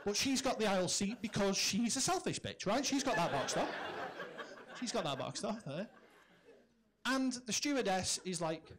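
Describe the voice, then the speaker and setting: A man's voice: high-pitched, animated, normal speed, fairly bright tone. A man doing brash stand-up, telling a story punchily and swearing freely on a comedy club stage.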